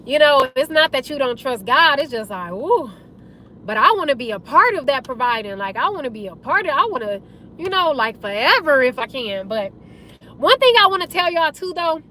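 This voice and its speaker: A young woman chats to her viewers in a high, hoarse voice that is wearing out, turning raspy. She talks in an emotional, preachy way, calling everyone y'all, with a faint hum of background noise behind her. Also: pushed and bright. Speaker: vlogger. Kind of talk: casual storytime talk to viewers.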